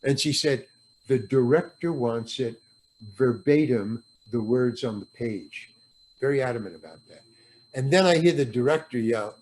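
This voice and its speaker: An older man, an actor guest in a podcast interview, telling an anecdote with animated storytelling, acting out the voices of the people he quotes and swearing freely. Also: medium pitch, moderate pace.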